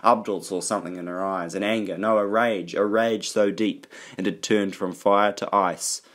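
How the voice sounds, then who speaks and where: A man reading an audiobook aloud in a steady, even storytelling manner. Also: fairly low pitch, moderate pace. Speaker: audiobook narrator. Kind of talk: audiobook narration.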